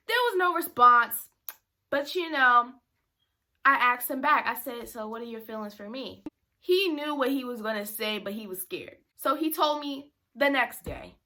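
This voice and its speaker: Young woman vlogger, bright tone, lively storyteller who acts out the voices. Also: on the high side. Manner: chatty, animated, acts out quoted voices. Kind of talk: storytime vlog.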